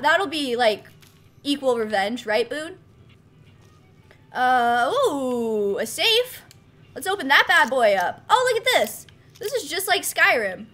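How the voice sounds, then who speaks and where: A woman's voice: high-pitched, very animated, slow pace, long pauses, bright, forceful tone. A woman hosting a game playthrough, playful and goofy in her commentary. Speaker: gaming video host. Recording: voice over game music.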